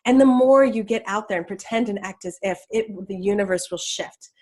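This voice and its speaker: A woman's voice: mid-range voice, brisk, warm tone. A woman teaching law of attraction in a casual, enthusiastic talk, chatty with many restarts.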